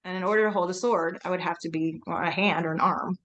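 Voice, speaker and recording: A woman co-hosting a faith podcast, talking earnestly and quickly and laughing often. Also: on the low side, steady tone, fairly bright tone, muffled recording. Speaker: podcast co-host.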